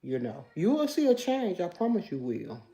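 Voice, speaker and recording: This Memphis livestream host has a mid-range, very animated voice with a dark tone, talking at normal speed. In her country Memphis Southern accent, she chats casually and reads out replies to viewer comments.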